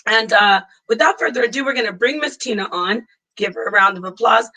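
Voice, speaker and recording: A woman's voice: fairly high pitch, a little fast, rough recording. A woman from Phoenix, Arizona hosting a casual online talk stream over a video call, playful and laughing. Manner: playful, laughing, warm greetings. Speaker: host.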